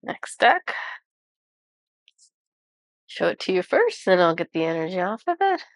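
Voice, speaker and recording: A woman with a low, gravelly voice reads oracle cards aloud and channels what she senses for her viewers. She has a cold and speaks haltingly, pausing often and breaking into awestruck exclamations. The sound is dry and close. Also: sing-song, no echo. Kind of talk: intuitive card reading to viewers.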